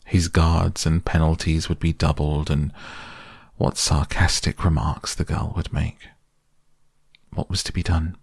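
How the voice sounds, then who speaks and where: Low gravelly man reading a children's classic, dry close sound, measured storytelling. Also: flat delivery, darkish tone, no room sound. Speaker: narrator. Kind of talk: storybook narration.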